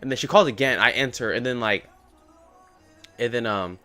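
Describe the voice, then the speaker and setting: A man's voice: medium pitch, a little fast, bright, forceful tone. A young man live-streaming his day trading, chatting casually in slangy, rambling talk that keeps coming back to "bro". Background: faint music playing.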